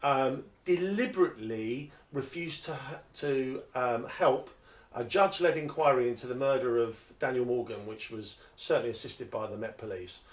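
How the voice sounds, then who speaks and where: A man interviews his guest in a forceful, emphatic way, his voice sitting at an ordinary middle pitch. The room around him gives a clear echo. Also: normal speed, slight background noise. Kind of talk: conversational interview. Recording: roomy echo.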